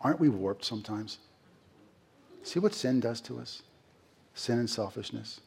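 This middle-aged pastor preaches conversationally, questioning the congregation and performing quotes aloud. His mid-range voice has lively intonation, a slightly slow pace, vocal fry, a touch of mellowness and a breathy edge.

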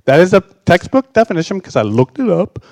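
An older male pastor in his sixties whose fairly high voice rises and falls a lot as he tells a story. His wry, sarcastic delivery comes through in a dry, close recording with no room echo. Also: big pitch swings, fast, gravelly. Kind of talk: sermon with a personal story.

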